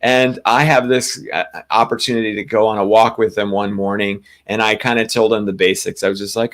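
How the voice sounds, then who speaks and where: A man co-hosting a spiritual talk show, telling a long personal story in a casual, animated way, with frequent restarts. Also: fairly low pitch, fairly quick, few pauses. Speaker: podcast co-host.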